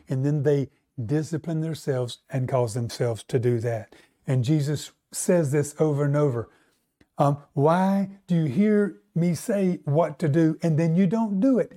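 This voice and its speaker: High-voiced preacher. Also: male voice, warm tone. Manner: emphatic, asks the congregation questions. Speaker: pastor. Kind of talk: sermon.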